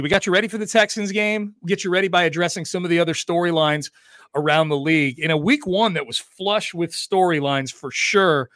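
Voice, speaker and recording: A man hosting a sports talk podcast, chatty and energetic, talking quickly about football. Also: sits high, no echo, studio quality. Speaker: podcast host.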